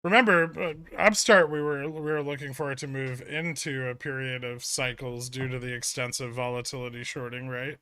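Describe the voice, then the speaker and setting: A man's voice: mid-range voice, steady tone, moderate pace, few pauses, sharp tone, smooth, no room sound. A man hosting a casual trading livestream, reading chat questions and answering with dry, sarcastic humor. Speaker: livestream host.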